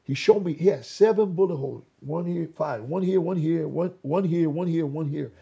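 An older man with a very raspy voice, giving an animated personal testimony as an interview guest, acting out dialogue and restarting his sentences often. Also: on the high side, normal speed, lo-fi sound. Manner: re-enacts dialogue, repeats words and restarts often. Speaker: interview guest, former gang leader.

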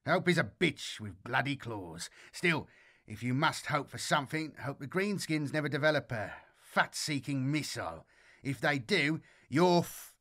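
A man's voice: medium pitch, expressive, unhurried, pushed and bright. A man voicing a cynical, sardonic male veteran soldier who mocks his comrades in a dry, sneering tone. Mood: mocking.

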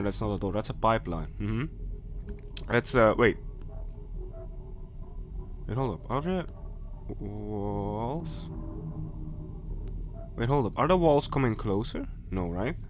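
A man's voice: medium pitch, fairly bright tone. A man commentating a horror game playthrough, jumpy and nervous, talking himself through scares and speaking directly to viewers and game characters. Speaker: gaming YouTuber.

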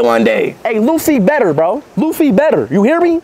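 Loud, excitable young American man. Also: extremely high pitch, moderate pace, gravelly. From United States. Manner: loud, excitable, shouting bursts. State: sick with sore throat. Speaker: livestreamer vlogger. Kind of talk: casual street vlog. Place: outdoor city streets. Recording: noisy street background.

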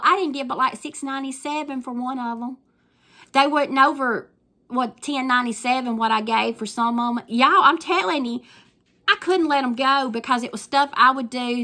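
An older woman with a Southern US accent hosts a casual crafting vlog. Her voice sits slightly high and sounds bright and forceful. She talks in a chatty, effusive way and keeps calling her viewers y'all. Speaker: crafting vlogger.

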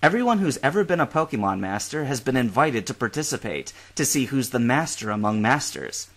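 A man voicing a calm, dry-witted teenage boy trainer who talks quietly and deadpan. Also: medium pitch, brisk.

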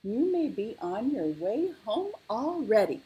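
A woman's voice: on the high side, sing-song, unhurried, warm tone, voice pushed up. A woman voicing a brave, kind little male polar bear in a read-aloud storybook, eager and reassuring.

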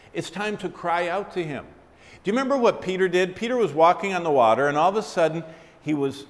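A man preaching a sermon, swinging between loud declarations and hushed, slow asides. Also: on the high side. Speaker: pastor. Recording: long hall reverb.

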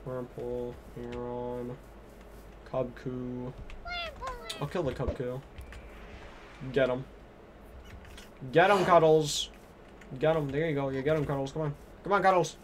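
A man streaming a game, chatting away to himself and his viewers at a middle pitch. He bursts out excitedly at the action, then drops back to muttering. Game music plays clearly underneath his voice. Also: measured pace, long pauses. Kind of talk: live gameplay commentary.

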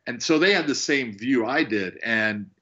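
A man tells referee stories on a podcast, acting out the lines of the people in them. His voice is bright and forceful. The audio is a little dull and lo-fi. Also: medium pitch, unhurried. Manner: animated storyteller acting out quotes. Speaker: guest, fight referee. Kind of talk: casual podcast chat.

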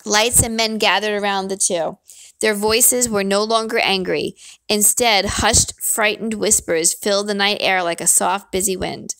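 A woman's voice: medium pitch, steady tone, a little slow, a bit bright, no echo. A woman reading a novel aloud, telling the story expressively in first person. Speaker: narrator.

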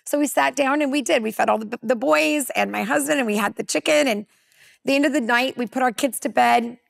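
A woman in her forties from California, a women's pastor, telling a personal testimony on a talk panel as a lively storyteller who acts out dialogue. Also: high voice, fairly quick, vocal fry, no echo, clean studio sound.

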